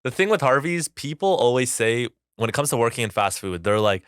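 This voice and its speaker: A man hosting a casual podcast, asking curious questions in a loose, wandering way. His pitch is unremarkable. He is recorded close on a headset, dry and without room sound. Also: lively intonation, a little fast, a bit bright, clean tone, no echo. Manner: curious, asks questions with frequent "like" fillers. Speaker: podcast host. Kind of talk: casual chat.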